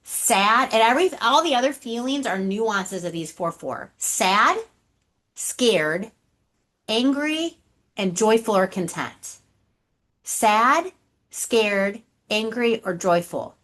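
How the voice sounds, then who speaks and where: A woman presenting a leadership webinar on a video call, animated and asking her audience rhetorical questions. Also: on the high side, slow pace.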